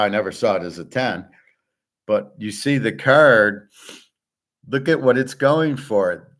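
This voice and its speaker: A man delivering a blunt, profane monologue about markets, restarting and trailing off often. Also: mid-range voice. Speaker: sports betting and markets commentator. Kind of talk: ranting monologue.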